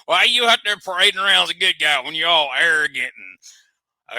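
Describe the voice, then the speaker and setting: A man's voice: fairly high pitch, fairly quick, bright, forceful tone, no room sound. A man hosting a comic show, needling his guest in boastful country banter. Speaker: host.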